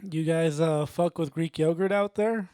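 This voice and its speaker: A man's voice: on the high side, measured pace, warm tone, clean tone, no room sound, studio quality. A young man doing a stand-up set with a sleepy, drowsy-sounding delivery. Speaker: stand-up comedian. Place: comedy club stage.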